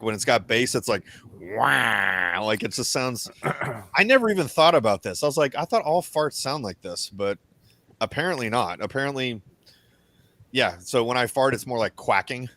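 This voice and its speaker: A young man hosting a podcast, telling crude stories in profane, animated casual banter on a close mic. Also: mid-range voice, moderate pace, no room sound. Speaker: podcast host.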